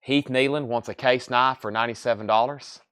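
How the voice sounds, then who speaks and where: A man's voice: mid-range voice, fairly even intonation, brisk, a bit bright, clean tone. A man hosting a live online sale, chatting in a folksy, easygoing salesman patter and sounding tired. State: sleepy, yawning. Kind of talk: live auction selling.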